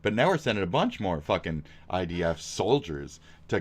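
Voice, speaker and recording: A man streaming reactions, combative and sarcastic, swearing and swinging from shouts to mutters. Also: low voice, big pitch swings, normal speed, few pauses. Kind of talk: profane reaction stream commentary.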